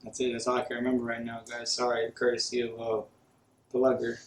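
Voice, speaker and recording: A man's voice: mid-range voice, completely flat delivery, brisk, a little hiss or hum. Young man, podcast co-host, rambling, swearing, echoey room. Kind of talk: casual stoned banter.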